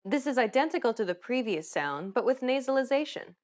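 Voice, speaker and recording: A woman giving scripted narration for a pronunciation lesson, in a clear, even instructional delivery. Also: fairly high pitch, fairly quick.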